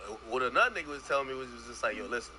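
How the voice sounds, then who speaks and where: A man's voice: mid-range voice, animated, very fast, sharp tone, a little hiss or hum. A man with a Jamaican accent telling a rambling, profane story to his stream, often repeating words as he goes. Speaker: streamer host. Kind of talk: casual storytelling chat.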